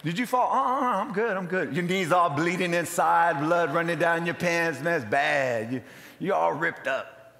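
A male pastor giving an animated, dramatic storytelling sermon and calling out to the congregation. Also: on the high side, measured pace, creaky. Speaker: lead pastor. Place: church sanctuary. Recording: long hall reverb.

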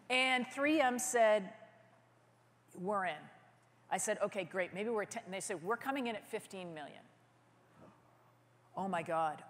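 A woman's voice: fairly high pitch, in a large hall. A woman filmmaker giving a conference keynote, telling a story with energy and acting out phone conversations in quoted voices. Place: conference hall stage.

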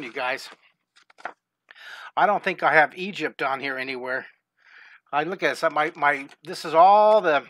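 A man's voice: high-pitched, pushed and bright, no echo. Upbeat man teaching kids to draw. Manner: upbeat, encouraging, greets viewers by name. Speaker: art teacher hosting a live drawing class. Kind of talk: live-streamed kids' drawing lesson.

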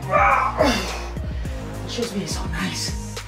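A woman vlogging casually about her workout and cooking, chatty and playful, counting reps out loud. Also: very slow. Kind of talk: casual workout vlog chat. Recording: echoey room with music playing.

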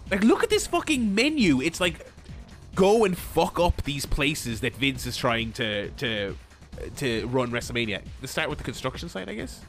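A man giving excitable let's-play commentary, swearing freely and laughing often. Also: mid-range voice. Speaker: gaming video host.

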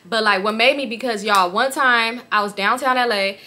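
A young woman from the Los Angeles area telling a story to her viewers, animated, slangy and profane, speaking straight to them. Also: on the high side, normal speed. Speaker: storytime vlogger.

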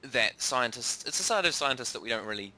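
A man co-hosting a casual science podcast, enthusiastic and halting, with repeats and ums as he explains. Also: mid-range voice, animated, bright, forceful tone. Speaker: podcast co-host and science presenter.

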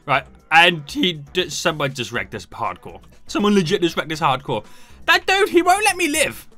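Animated gaming commentator. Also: male voice, high voice. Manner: animated, shouts and talks to himself while playing. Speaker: gaming YouTuber. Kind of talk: excited gameplay commentary.

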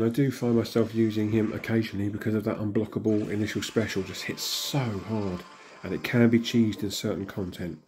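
Hoarse man chatting through game pulls. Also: lowish voice, warm tone. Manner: chatty, mutters reactions to himself. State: hoarse from illness. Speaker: gaming channel host. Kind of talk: casual commentary while opening in-game crystals.

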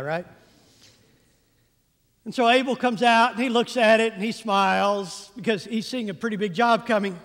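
A male pastor preaching a sermon as a humorous, animated story, stretching words out for comic effect. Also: high-pitched. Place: church sanctuary. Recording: long reverb of a church hall.

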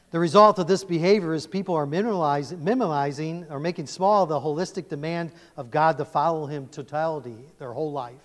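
A male pastor preaching a sermon in a church, animated and emphatic, often quizzing his congregation. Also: on the high side. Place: church sanctuary. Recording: long church reverb.

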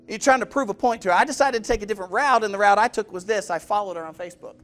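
A man's voice: high voice, rapid-fire, hardly any pauses, a bit bright, faint music behind. A male pastor preaching a sermon in a direct manner, putting questions to the congregation and acting out the people in his stories. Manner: storytelling, acts out quoted voices. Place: church.

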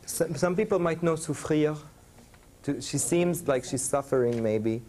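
A man's voice: a little high, unhurried, a little mellow. Man teaching a French class. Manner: switches between English and French, checks in with students. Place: university classroom.

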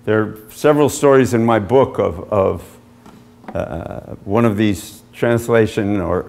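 Low gravelly-voiced man giving a history talk. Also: a little mellow, a little hiss or hum. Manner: measured storytelling, pausing often to point at slides. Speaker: author giving a book talk. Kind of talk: illustrated history lecture.

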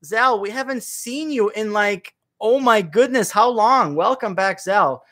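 A man's voice: high-pitched, measured pace, bright, forceful tone. A man hosting a live trivia stream, chatting casually with viewers and reading their names from chat. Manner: chatty, reads chat names aloud, rambles into opinions. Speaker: trivia livestream host.

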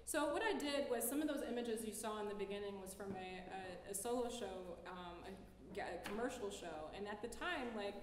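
A woman's voice: mid-range voice, expressive, normal speed, few pauses, background noise. A woman artist giving a casual public talk in a lecture hall, loose and chatty, peppering her speech with "like" and laughing easily.

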